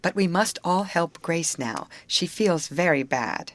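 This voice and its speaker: Woman reading brisk bossy teen girl, low-ish voice, dry close sound. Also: animated, no echo. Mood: firm. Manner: brisk and firmly cheering. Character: brisk, bossy teenage girl, leader of her friends.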